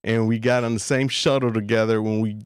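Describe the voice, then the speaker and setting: A man on a podcast tells a story in a chatty, amused way. His voice sits at an ordinary pitch. The sound is dry and close. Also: fairly even intonation, fairly quick, clear, resonant tone, dry recording. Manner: chatty, laughing. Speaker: guest. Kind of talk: casual storytelling.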